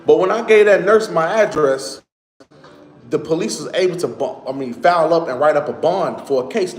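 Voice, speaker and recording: A man with a fairly high voice talks casually, looping back over the same points as he explains them. He often turns to his listeners with direct asides. The room around him rings with noticeable echo. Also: fairly quick, a little mellow. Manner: conversational, repeats points, addresses viewers directly. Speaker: online commentator. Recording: echoey room.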